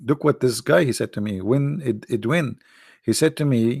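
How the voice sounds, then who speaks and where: Man, hoarse, gravelly, teasing livestream chat, dry close mic. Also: medium pitch, expressive, moderate pace, darkish tone, no echo. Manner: teasing, laughs often, answers viewer questions. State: hoarse, voice strained and coughing. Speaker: livestream host answering chat. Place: at home behind a computer.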